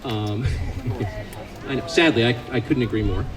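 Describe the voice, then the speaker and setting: A man's voice: medium pitch, measured pace, crowd noise, rough recording. An American man giving a public speech to a live audience, sardonic and joking, growing more impassioned as he goes. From United States. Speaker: invited speaker.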